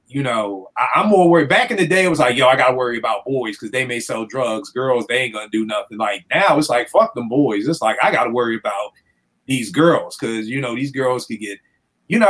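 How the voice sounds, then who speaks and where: A man from the DC area, a youth counselor telling stories in a casual podcast chat, acting out what people said and swearing freely. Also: medium pitch. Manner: animated storyteller acting out quotes, swears freely. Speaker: youth counselor and music producer.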